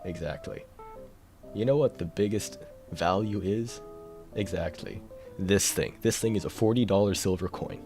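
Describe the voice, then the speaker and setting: A man's voice: lowish voice, normal speed, darkish tone, faint music behind. A man chatting casually on a live stream, rambling and self-deprecating, with a tired voice.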